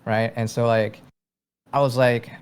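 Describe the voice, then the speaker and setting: A man from Venezuela, a military veteran, speaking as a podcast guest in a halting, thoughtful way with frequent fillers. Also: medium pitch, flat delivery, smooth. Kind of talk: casual interview.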